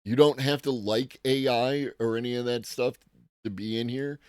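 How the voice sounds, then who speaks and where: A man's voice: medium pitch, fairly even intonation, normal speed, clear, resonant tone, no room sound, clean studio sound. A man hosting a live tech-news commentary stream, talking casually and profanely with a rambling manner while greeting chat viewers.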